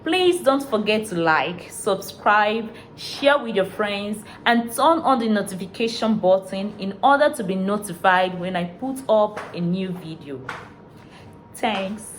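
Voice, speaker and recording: A woman giving a video lesson as a tutor, explaining in a slow, deliberate teaching manner. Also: medium pitch, animated, slight background noise. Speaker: IELTS tutor.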